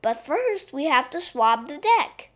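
A woman voicing a brisk, cheerful castle maid who is jolly and a little bossy. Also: high voice, very animated, a bit bright, voice pushed up, heavily acted.

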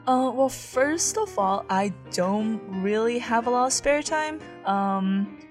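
A woman's voice: a little high, animated, slow, soft background music. A young woman from China, a college student, chatting casually as an interview guest in with lots of fillers. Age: young adult. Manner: chatty, many fillers and likes.

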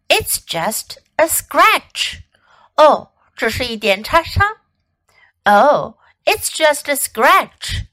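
A woman teaches young children English through a bilingual story lesson, coaxing and sing-song. Her voice is bright and bounces lively up and down, and she speaks slowly. The sound is dry and close. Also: high voice, no room sound.

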